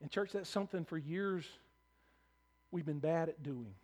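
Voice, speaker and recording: A man preaching a sermon as pastor, earnest, often repeating words as he starts a phrase, moving between soft passages and raised, emphatic ones. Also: fairly high pitch, normal speed.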